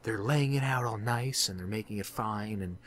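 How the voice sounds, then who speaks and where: A man's voice: on the low side, normal speed. A man in his twenties, a podcast host, telling a story in casual chat, swearing and laughing as he goes.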